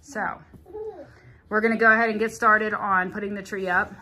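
A woman's voice: mid-range voice, level tone, moderate pace, sharp tone, a little hiss or hum. A woman with a Southern US accent, chatting casually and a little self-deprecating as she vlogs from her living room. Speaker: vlogger. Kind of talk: casual home vlog.

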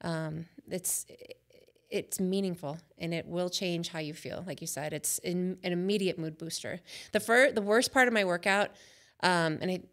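A woman's voice: lowish voice, normal speed, fairly bright tone. Upbeat chatty woman guest. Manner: upbeat, chatty, laughs often. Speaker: guest, fitness coach from church hospitality team. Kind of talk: casual chat.

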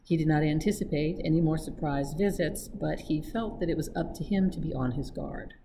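A woman reads a novel aloud in a steady, even manner. Her voice sits low. A clear hiss of noise runs beneath the reading. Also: fairly quick. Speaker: staff reader.

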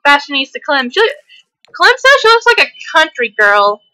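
This is a gameplay host making casual chatter while she plays: hyper, laughing often, sometimes lapsing into a country twang. Her high voice takes big pitch swings at normal speed, sounding bright and forceful through low-quality audio.

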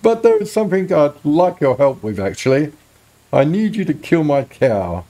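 A man's voice: fairly high pitch, sing-song, moderate pace, mellow. A man putting on a fretful village man. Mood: pleading. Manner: earnest, pleading. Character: worried middle-aged village man, fussy and chatty. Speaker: game character read aloud.

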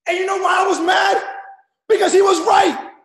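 This man's rough, high-pitched shouting barely moves in pitch and runs at normal speed, with a faint crowd and room echo around him. As a network marketing leader giving a motivational speech, he preaches in street slang, loudly repeating himself and hammering numbered points.

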